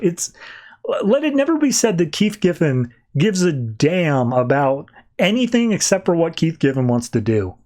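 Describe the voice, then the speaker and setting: A man hosting a comics podcast, recapping and rating an issue in a rambling, animated way. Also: on the high side. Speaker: podcast host. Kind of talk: comic book review podcast.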